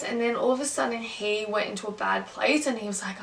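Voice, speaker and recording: A woman's voice: a little high, animated, a little fast, vocal fry, hardly any pauses, a bit bright. A woman in her twenties rambling candidly through a personal story, with lots of fillers, as a vlogger. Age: 20s. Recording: echoey room, mic at a distance.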